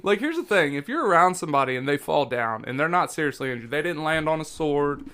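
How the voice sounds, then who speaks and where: Podcast host guy, kinda high voice, chill and jokey, says dude a lot. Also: sing-song, fast, pushed and bright, smooth. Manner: laid-back, joking, says "dude" and "like" a lot. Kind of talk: casual podcast chat.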